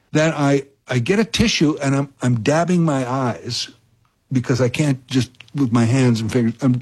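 A husky, slightly breathy middle-aged man, talking on the radio as a fill-in host. He meanders through an anecdote in a loose, chatty way, with "uh"s and false starts. His pitch sits in an ordinary middle range. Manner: rambling, chatty storyteller with many fillers and restarts. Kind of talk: casual radio talk and anecdote.

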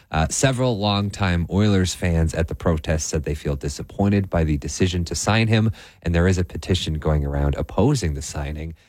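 Deep-voiced radio news man. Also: no echo. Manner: steady, dry-humored, with many uh fillers. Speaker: news reader on morning radio. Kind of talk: news reading with casual banter.

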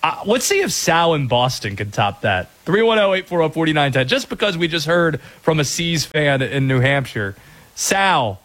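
A man's voice: a little high, very animated, normal speed, fairly bright tone. A man hosting a sports radio talk show, upbeat and joking with callers. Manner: upbeat, joking, laughs easily.

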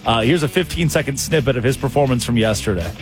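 A man's voice: mid-range voice, fast, music in the background. A man hosting a comic sports talk show, telling stories with quoted voices. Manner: animated storytelling with voiced quotes.

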